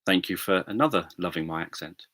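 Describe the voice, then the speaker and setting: A man chatting casually on a livestream, rambling with many pauses and self-corrections. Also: sits low, a bit bright, dry recording. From England. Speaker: livestream host. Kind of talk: casual chat with viewers.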